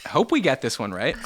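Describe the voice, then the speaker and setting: A man's voice: on the high side, a bit bright. A young adult man hosting a podcast game in a playful, teasing casual chat. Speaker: podcast host.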